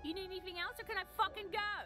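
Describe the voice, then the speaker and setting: A woman's voice: very high voice, steady tone, very fast, music in the background. A woman playing a rude, foul-mouthed, hostile local in a video game who snaps and swears.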